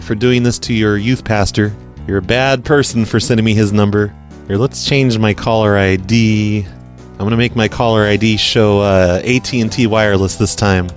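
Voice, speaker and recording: A man hosting a prank call show, talking in a sarcastic, stammering way. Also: fairly low pitch. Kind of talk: casual podcast commentary.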